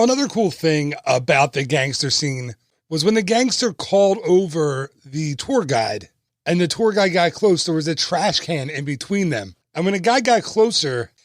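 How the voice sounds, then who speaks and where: A man's voice: fairly high pitch, dry recording, studio quality. A man hosting a podcast, telling stories in a chatty way and laughing at himself. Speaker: podcast host. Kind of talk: casual storytelling narration.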